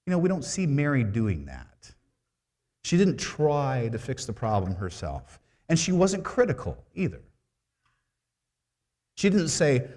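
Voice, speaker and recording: A man's voice: medium pitch, huge pitch swings, measured pace, pauses often, darkish tone. A man preaching a sermon as a church minister, in a conversational tone with rhetorical questions.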